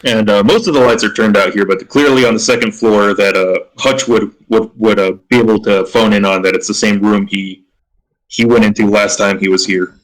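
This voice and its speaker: A man narrating a tabletop role-playing game as game master, halting with frequent restarts. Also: on the low side, fairly even intonation, rough recording. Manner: halting, many restarts and fillers.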